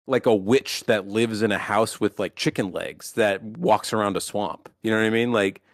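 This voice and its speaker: A man's voice: lowish voice, moderate pace, no room sound, clean studio sound. Rambling, profane male podcast host. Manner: rambling, profane, many restarts. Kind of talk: casual chat.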